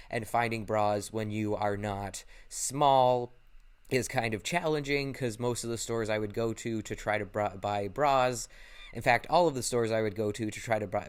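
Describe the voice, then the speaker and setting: A man's voice: lowish voice, clear, resonant tone. A young man talking candidly to camera in a casual personal vlog, rambling a little and correcting himself often. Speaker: vlogger.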